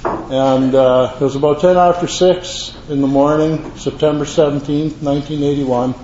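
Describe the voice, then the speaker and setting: An older man speaks in a mellow, fairly high voice, telling his story with rambling, earnest asides. He is recorded in an echoey meeting room with a dull, lo-fi sound and a faint hiss underneath. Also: steady tone, moderate pace. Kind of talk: personal testimony to a live audience.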